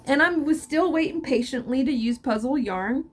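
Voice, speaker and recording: An older woman with a fairly high voice talks in a loose, chatty way, stopping and restarting her sentences. She comes across as openly emotional and often laughs between thoughts. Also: normal speed. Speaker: crochet vlogger. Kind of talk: casual chat.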